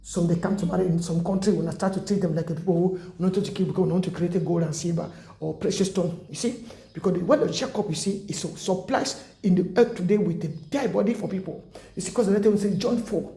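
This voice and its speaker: High, gravelly man preaching. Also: fast talker, hardly any pauses, dark tone, echoey room. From Africa. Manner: impassioned, rambling, broken English. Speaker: self-styled preacher. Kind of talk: rambling exhortation. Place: indoors at home.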